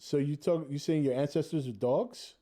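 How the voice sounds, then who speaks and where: A man's voice: fairly high pitch, moderate pace, warm tone. A man hosting a casual podcast, reading viewer comments aloud and joking with the chat. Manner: laid-back, jokey, reads viewer comments aloud.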